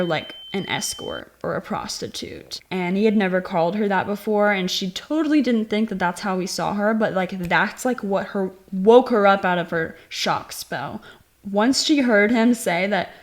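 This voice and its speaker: A woman hosting her own channel, giving a casual spoken movie review and retelling the plot in a chatty, animated way. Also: medium pitch. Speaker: film reviewer and channel host.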